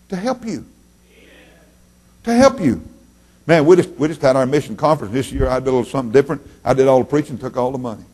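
A middle-aged man with a drawl preaches to his church in a folksy, animated way. His voice has a middle pitch, climbing into sudden loud peaks and then sinking back down to a quiet murmur. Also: slightly rough. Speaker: pastor. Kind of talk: sermon.

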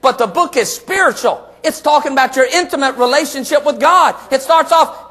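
A middle-aged man preaching a sermon, his voice sitting unusually high for a man. He moves from hushed, personal storytelling to shouted, emphatic exclamations. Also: lively intonation, brisk, few pauses. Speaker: pastor.

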